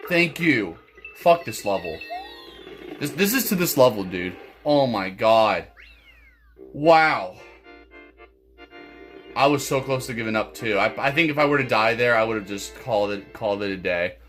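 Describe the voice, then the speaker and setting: A man's voice: on the low side, lively intonation, a little slow, fairly bright tone, soft background music. A man commentating his own gameplay, swearing often and stammering through restarts. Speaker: gaming channel host. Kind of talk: let's play commentary.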